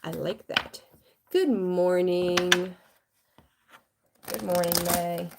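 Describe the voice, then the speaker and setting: A woman's voice: lowish voice, steady tone, extremely slow, creaky, heavy background noise. A woman giving a live tarot reading in a frank, rambling way, swearing casually and greeting viewers. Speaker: tarot reader.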